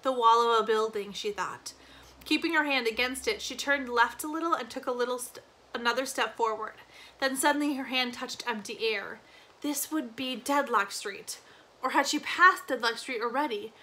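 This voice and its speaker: A woman teacher reading a novel chapter aloud expressively, slowing on key phrases with a few small slips. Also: a little high, pushed and bright.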